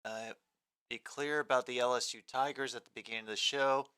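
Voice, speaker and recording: A man's voice: medium pitch, steady tone, a little fast, sharp tone, clear, resonant tone. A man hosting a casual live sports stream, rambling between game commentary and replies to chat comments.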